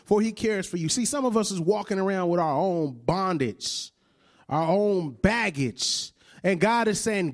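A man's voice: high-pitched, expressive, measured pace. A male preacher in his thirties giving a conversational sermon, often checking in with "right?" and laughing along with the congregation.

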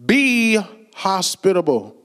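A man's voice: sits high, sing-song, slow, a bit bright, smooth. A man preaching a sermon in a conversational way, telling stories and quoting people with a laugh now and then. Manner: conversational storytelling with laughs and acted quotes. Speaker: pastor.

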